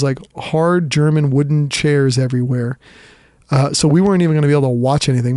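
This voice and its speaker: A man's voice: a little high, warm tone, no room sound, clean studio sound. A man hosting a podcast, telling a long story in a rambling, self-deprecating way with lots of fillers and restarts, a little under the weather with a cough. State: sick with a cough. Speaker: podcast host. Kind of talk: casual storytelling monologue.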